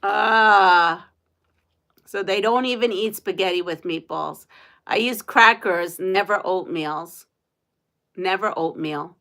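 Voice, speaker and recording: A woman's voice: fairly low pitch, a little slow, bright, forceful tone. A woman from the United States hosting a quilting live stream, chatting casually with viewers, laughing often.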